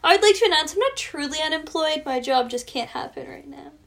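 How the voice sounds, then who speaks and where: A woman's voice: sits high, lively intonation, a little fast, gravelly, fairly bright tone. A young woman from Canada co-hosting a casual podcast, chatty and self-mocking, laughing often. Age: young adult. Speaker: podcast co-host. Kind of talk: casual chat.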